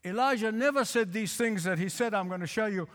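A male pastor preaching a sermon, emphatic, repeating phrases and slowing to stress lines. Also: high voice, a bit bright. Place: church. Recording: hall reverb.

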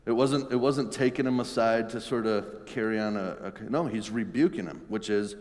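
A man's voice: medium pitch, normal speed, darkish tone. A pastor giving a sermon in an earnest, conversational way, often restarting his phrases. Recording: long reverb in a large hall.

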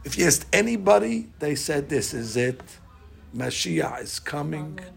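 A man, a rabbi, giving a storytelling sermon that swings between hushed and loud. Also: a little high, big pitch swings, normal speed, vocal fry, husky. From United States.

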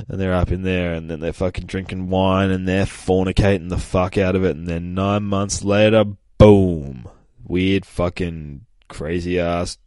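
A man's voice: sits low, no room sound, clean studio sound. A man hosting a comic podcast, casually recapping an issue, swearing often and acting out the characters' lines. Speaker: comic book podcast host.

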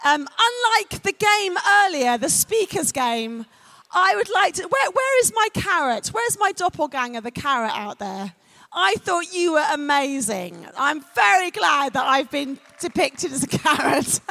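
A woman's voice: sits high, big pitch swings, unhurried, vocal fry, bright, forceful tone. A woman with a London accent, a youth worker speaking to a festival crowd in a chatty, playful way. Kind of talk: lively talk to a festival audience. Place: stage in a large festival tent.

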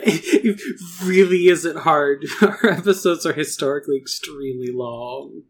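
A woman's voice: sits low, a little slow, slightly rough. A woman co-hosting a podcast, talking casually and thoughtfully, hedging with filler words. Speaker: podcast co-host. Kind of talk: casual chat.

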